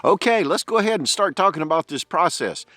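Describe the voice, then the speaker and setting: A man chatting casually on an outdoor vlog, hushing and coaxing while he walks and sits to listen for birds. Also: a little high, expressive, fairly quick, no echo. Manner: hushed, coaxing, folksy. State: a bit out of breath. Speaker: vlogger. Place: outdoors in woods.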